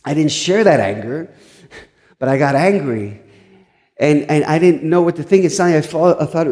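A man's voice: on the high side, moderate pace, darkish tone, in a large hall. A male pastor telling a story in a sermon, earnest, with frequent stumbling restarts.

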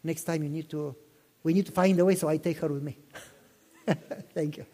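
A pastor in his fifties preaches a sermon in a fairly high, mellow voice, keeping a steady tone at a moderate pace. He tells personal stories passionately, repeats himself, and poses questions to listeners. Long hall reverb surrounds the recording.

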